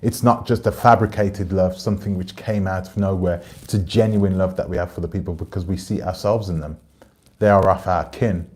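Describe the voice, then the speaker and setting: A man's voice: deep voice, fairly even intonation, a little fast, darkish tone, husky. A man hosting his channel, chatting casually and rambling as he talks to viewers and reads out their comments. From Britain. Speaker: channel host.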